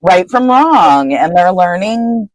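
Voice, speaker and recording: A woman guest in a casual chat, earnestly adding quick points of agreement. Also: lowish voice, animated, a little mellow, no echo. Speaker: guest friend.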